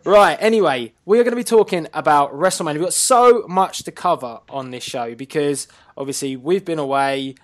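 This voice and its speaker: A man's voice: a little high, expressive, fairly quick, few pauses. A man hosting a casual online wrestling chat show, upbeat and laughing often. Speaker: host.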